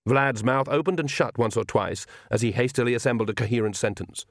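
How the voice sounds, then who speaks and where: A man narrating an audiobook with expressive, lively storytelling. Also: medium pitch, fairly quick, few pauses, dry recording, studio quality. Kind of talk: scripted narration.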